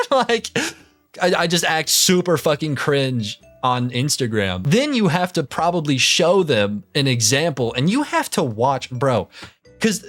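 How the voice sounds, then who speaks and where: A man's voice: a little high, sing-song, measured pace, a bit bright, no room sound, soft background music. A man doing casual reaction commentary, ranting in disbelief and swearing constantly. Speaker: commentary youtuber.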